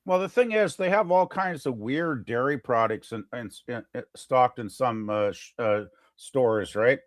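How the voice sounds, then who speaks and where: A man co-hosts a podcast in casual chat, rambling with plenty of fillers and restarts. His mid-range voice is unhurried, and the studio-quality recording has no room sound.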